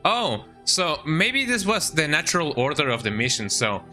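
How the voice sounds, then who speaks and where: Bright-voiced, jokey male game streamer. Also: a little high, sing-song, moderate pace, soft background music. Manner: rambling and jokey, with lots of "eh?" and "you know". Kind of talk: casual gameplay commentary.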